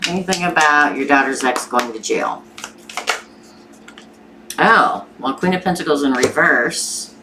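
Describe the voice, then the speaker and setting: A low-pitched woman with a Southern accent runs a live tarot reading, talking her way through each card in a chatty, think-aloud manner. She sits some distance from the microphone, so her voice sounds far off. Steady background noise and the shuffle of cards run underneath her. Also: a little slow, long pauses. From Missouri. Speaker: tarot reader.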